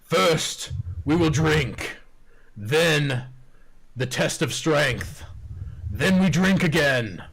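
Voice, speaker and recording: A man voicing a huge, boastful male ogre champion in a tabletop game, with slow, shouted declarations. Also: on the high side, expressive, vocal fry, breathy edge, pitched above the performer's own voice, full character voice.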